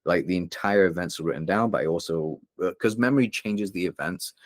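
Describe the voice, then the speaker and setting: A young man from England, a guest on a podcast, talks candidly about hard times in his life. His voice sits very low, and the close, dry recording keeps every word near. He rambles a little, with fillers and restarts. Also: a little fast, no room sound. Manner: open, emotional, rambling with many fillers. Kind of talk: candid interview storytelling.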